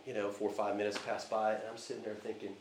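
A man's voice: lowish voice, little pitch movement, fast, slight background noise. A man preaching a conversational sermon from the United States, telling a family story with frequent fillers and restarts. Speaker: visiting preacher. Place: church hall. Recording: echoey church hall.

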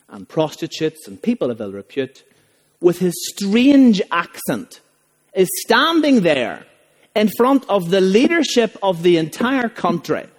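A man preaching a sermon as a pastor, emphatic and full of rhetorical questions. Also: high voice. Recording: long reverb of a large hall.

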